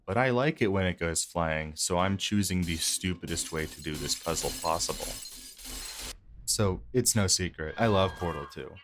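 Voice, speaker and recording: A man's voice: low-pitched, fairly bright tone. A man giving joking, sarcastic commentary over his gameplay. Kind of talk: let's play commentary.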